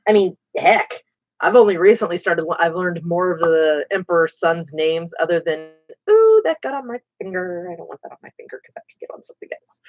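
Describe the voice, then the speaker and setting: Brisk and very animated, a woman whose voice sits on the low side chats while painting miniatures as a livestream host. She rambles, jokes about herself, and drops murmured asides, all in dull lo-fi stream audio.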